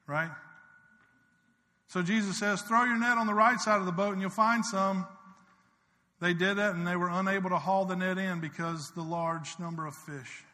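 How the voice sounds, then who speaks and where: High bright-voiced preacher in a reverberant hall. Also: male voice, steady tone, normal speed. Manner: preaches with swells of intensity and hushed intimate passages. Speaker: pastor. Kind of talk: sermon.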